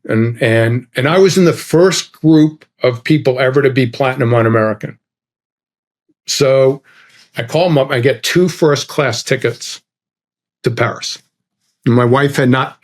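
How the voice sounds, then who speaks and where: A middle-aged man telling a travel anecdote in a casual chat, acting out the lines of the people in it. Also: mid-range voice. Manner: animated, acts out dialogue with quoted voices. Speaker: guest storyteller.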